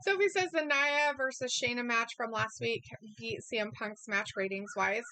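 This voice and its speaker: A woman's voice: fairly high pitch, moderate pace, sharp tone, no room sound, rough recording. A woman co-hosting a casual live watch-along stream, laughing often as she reads viewer comments aloud. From Idaho, USA. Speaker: co-host reading chat comments.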